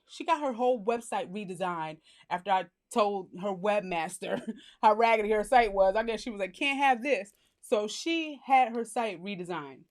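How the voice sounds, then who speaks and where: A young woman telling a story in a casual, animated vlog, blunt and slangy, laughing as she goes and jumping up high when she acts out what people said. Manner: animated, acts out quotes in a higher voice.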